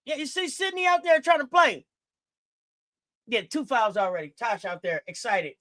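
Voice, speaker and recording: A woman hosting a live game watch-along, talking casually in slang, reacting loudly and shouting encouragement at the players. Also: on the high side, very animated, moderate pace. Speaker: sports stream host.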